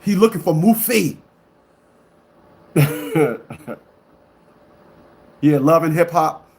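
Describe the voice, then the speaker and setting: A male online commentator addresses a live audience in a blunt, emphatic monologue, speaking at normal speed with vocal fry. He repeats himself often and shifts between loud outbursts and low muttering.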